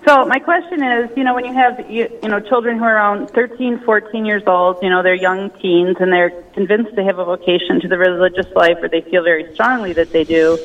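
A woman's voice: mid-range voice, fairly even intonation, fairly quick, hardly any pauses. Woman calling in over a tinny phone. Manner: many fillers of "you know". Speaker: caller. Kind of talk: call-in question. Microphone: telephone.

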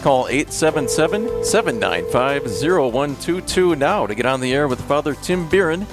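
A man co-hosting a Catholic radio talk show, giving the call-in number in a relaxed way. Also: fairly high pitch, moderate pace, music in the background. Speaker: radio co-host. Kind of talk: casual radio chat.

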